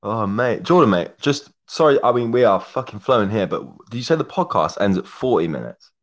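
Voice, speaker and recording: A young man in his twenties, a podcast guest in a casual chat, rambling warmly and swearing heavily, calling his friend mate. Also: lowish voice, sing-song, fairly quick. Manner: effusive, rambling, heavy swearing, says mate a lot. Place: remote call, living in Germany.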